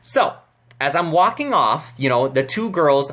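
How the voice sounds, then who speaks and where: A man vlogging to camera, telling a story in a chatty, animated way with many fillers and restarts. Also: a little high, a little slow.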